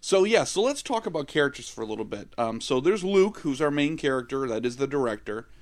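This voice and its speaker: A man's voice: mid-range voice, sing-song, brisk. A man co-hosting a casual film-review podcast, leading the talk with crude, irreverent jokes. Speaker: podcast co-host.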